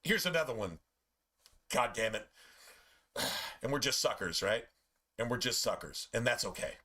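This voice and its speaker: A man chatting casually while streaming a game, telling profane, animated stories about his pets. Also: medium pitch, normal speed. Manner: animated, profane storytelling with playful put-on pet voices.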